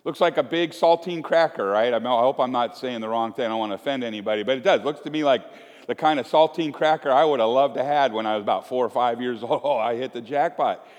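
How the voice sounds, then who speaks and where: A man preaching a sermon, his voice at an ordinary middle pitch. He tells homely, self-deprecating stories in a loose conversational way, often restarting his sentences. His voice rings with the long reverb of a church sanctuary. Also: fast. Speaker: pastor.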